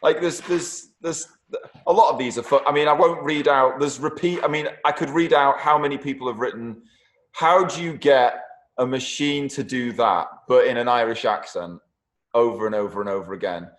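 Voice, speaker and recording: Podcast host dude reading out listener questions, jokey, swears a bit, average pitch. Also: male voice, a little fast. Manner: reads listener questions, swears, laughs often. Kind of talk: casual podcast chat.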